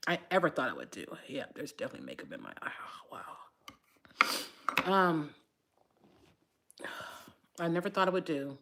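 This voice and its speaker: A woman hosting a casual livestream for her viewers, tearful and crying as she talks, rambling, sighing often and trailing off softly. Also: fairly low pitch. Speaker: livestream host. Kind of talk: casual live chat to viewers.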